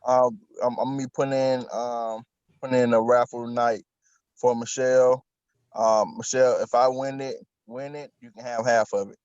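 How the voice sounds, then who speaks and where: A man's voice: mid-range voice, lively intonation, moderate pace, a little mellow, clear, resonant tone, no echo, muffled recording. A man co-hosting a live podcast, bantering and cursing in a joking way. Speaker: podcast co-host. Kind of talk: casual live-stream chat.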